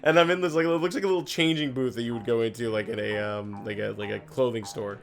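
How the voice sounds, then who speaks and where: A man's voice: mid-range voice, fairly even intonation, quick pace, soft background music. A man rambling through a casual story while playing a game, with constant "like" fillers and plenty of swearing. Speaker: gaming video host.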